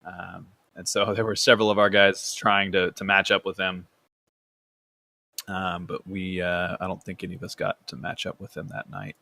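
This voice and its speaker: A man's voice: low-pitched, little pitch movement, normal speed, vocal fry, pushed and bright. A man hosting a casual gaming podcast, rambling with fillers and restarts. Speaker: podcast host.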